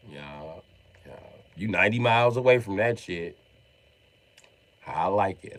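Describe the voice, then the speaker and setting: A man from Illinois ranting on a livestream in a profane, exasperated, comedic way, acting out quick mock quotes. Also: deep voice, animated, a bit bright.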